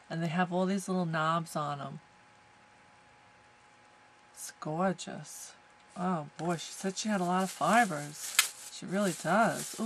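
A woman's voice: fairly low pitch, background noise. A woman from the United States opening a package on camera, gushing with lots of exclamations. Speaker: crafting vlogger. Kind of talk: casual unboxing chat.

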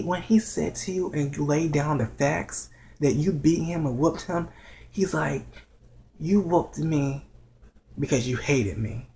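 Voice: mid-range voice, a little mellow, a little hiss or hum, poor audio. A vlogger whispering at home late at night, giving a blunt, profane review of a TV episode. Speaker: show reviewer.

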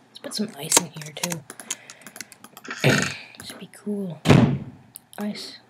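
A woman chatting casually while building in a game, playful and silly, rambling to herself and sometimes dropping into soft murmurs. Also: fairly low pitch, takes it slowly, pauses often, very noisy. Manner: drops into soft murmurs and whispers. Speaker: Minecraft builder. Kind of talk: casual gameplay commentary. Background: background music and keyboard clicks.

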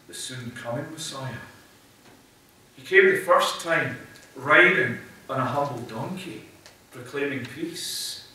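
A man's voice: a little high, bright, forceful tone. Preaching man in an echoey church. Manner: earnest, rising to emphatic preaching. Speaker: pastor. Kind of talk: sermon. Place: church sanctuary. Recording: echoey church hall, mic at a distance.

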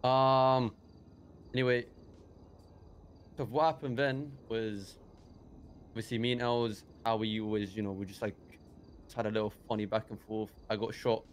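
A man's voice: lowish voice, fairly even intonation, normal speed, pauses often, slight background noise. Rambling young man. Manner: rambling, hesitant, many restarts and fillers. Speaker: roleplayer in character. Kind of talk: in-character roleplay recounting events.

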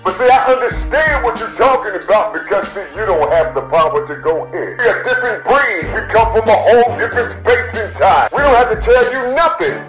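High-voiced man preaching a profane rant. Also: animated, fairly quick, few pauses, fairly bright tone, soft background music, poor audio. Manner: profane, repetitive, preachy, keeps saying "you see". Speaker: self-styled spiritual speaker. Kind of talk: rambling spoken monologue.

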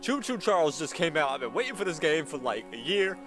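A man hosting a gaming channel, giving excitable, chatty let's-play commentary and talking back to the characters in the game. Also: a little high, a little fast, music in the background.

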